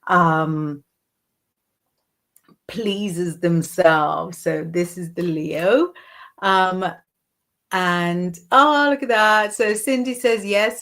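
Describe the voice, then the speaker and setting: A woman hosting a live tarot stream, talking through the cards at an unhurried pace with frequent ums and reading viewers' comments aloud. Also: fairly low pitch, a bit bright. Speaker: psychic and tarot host.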